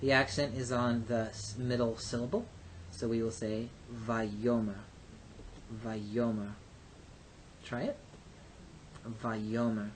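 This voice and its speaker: A man with a voice of middling pitch gives a recorded language lecture. He works through each rule step by step, pausing often on uh and um. A faint low rumble sits under the recording. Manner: methodical, explains step by step with frequent uh and um. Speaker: Hebrew teacher.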